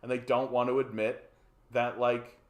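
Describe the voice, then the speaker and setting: A man's voice: mid-range voice, little pitch movement, normal speed, lo-fi sound. Rambling Canadian man in an echoey room. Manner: profane, rambling, tags lines with "right?". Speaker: livestream host. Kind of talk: casual political commentary.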